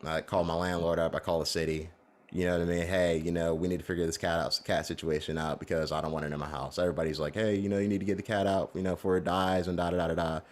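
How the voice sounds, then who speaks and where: A man's voice: sits low, little pitch movement, fast. A man co-hosting a podcast, telling a long story in a casual, rambling way with lots of fillers. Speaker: podcast co-host.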